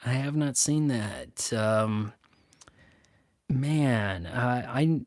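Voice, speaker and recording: A man's voice: mid-range voice, very slow, a little mellow, no echo, clean studio sound. A man hosting a casual solo chat, rambling and stop-start with sarcastic asides. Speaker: youtube host. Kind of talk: casual solo chat answering viewer questions.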